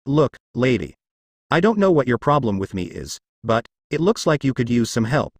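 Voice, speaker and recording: A man voicing a brooding, protective teenage boy with a blunt, even delivery. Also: medium pitch, normal speed, no echo. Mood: concerned.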